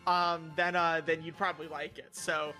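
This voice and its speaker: A young man with a high, bright voice talks loosely in a casual stream chat. He stumbles over his words, repeats himself and swears crudely, breaking into mock-outraged protests. Faint music plays behind him. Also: flat delivery, normal speed. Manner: rambling, stammering, crude, mock-outraged outbursts. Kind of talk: casual stream chat, reviewing viewer picks.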